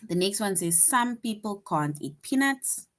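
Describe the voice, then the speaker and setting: A woman teaches young children in a patient, slow way, reading example sentences aloud with emphasis and frequently checking in with "right?" Her voice is medium-pitched, animated and a bit bright.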